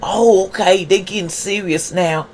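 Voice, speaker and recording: A man with a high voice reads tarot cards in a casual, streetwise way. He keeps asking rhetorical questions and talks straight to the viewer. A faint hiss sits under his voice. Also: fairly even intonation, a little slow. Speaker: tarot reader. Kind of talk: casual tarot card reading.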